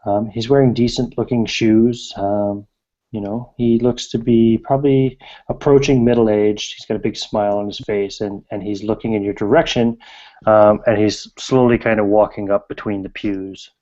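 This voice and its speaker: Male game master, low and mellow, hesitant, lots of fillers, lo-fi sound. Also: steady tone, normal speed. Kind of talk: narrating a tabletop game.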